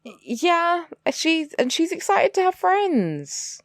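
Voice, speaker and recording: A woman's voice: very high voice, very animated, slow, dry recording, clean studio sound. A woman co-hosting a podcast, wryly recapping a TV episode in casual chat and quoting characters with exaggerated voices. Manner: chatty, wry, quotes characters with exaggerated voices. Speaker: podcast co-host.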